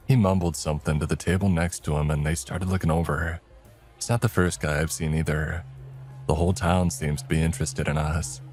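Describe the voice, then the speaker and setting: Deep-voiced man narrating a horror story. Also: fairly even intonation, normal speed, a little mellow, slightly rough, faint music behind. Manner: wry first-person storytelling.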